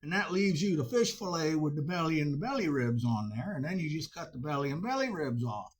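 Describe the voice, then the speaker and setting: A man's voice: a little high, lively intonation, brisk, breathy edge. A man, hosting a cooking show in a folksy, rambling way. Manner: folksy, drawling, with frequent uh fillers.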